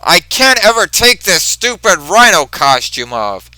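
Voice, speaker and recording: A man voicing an irritable, brutish supervillain in a rhino costume, complaining loudly. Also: high voice, very animated, unhurried, no room sound, pitched above the performer's own voice, exaggerated voice, rough recording. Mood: angry yelling. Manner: loud, whiny complaining.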